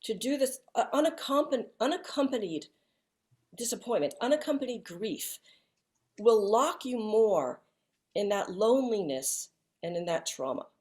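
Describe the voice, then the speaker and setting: A woman speaking as a guest in an interview, talking softly and reflectively with many restarts, over a video call. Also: fairly high pitch, animated. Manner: soft-spoken, halting, with frequent restarts.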